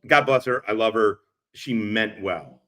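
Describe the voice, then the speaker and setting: A streamer reacting to clips tells rambling, profane stories on a live stream, laughing often, picked up by his laptop's built-in mic. His voice is lowish and sharp in tone, and he speaks at a measured pace in this casual storytelling.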